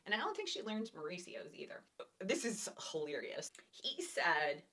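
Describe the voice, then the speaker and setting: A woman's voice: on the low side, very animated, moderate pace, a bit bright. A woman vlogger telling a funny story to the camera in a chatty, laughing way. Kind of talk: casual chat to camera.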